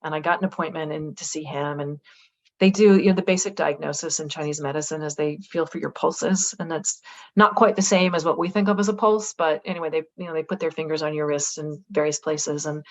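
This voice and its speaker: A middle-aged woman, a guest author, telling a personal story in a casual interview. She talks in a lively way, acts out quoted dialogue and says "like" a lot. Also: low-pitched, fairly quick. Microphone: video call.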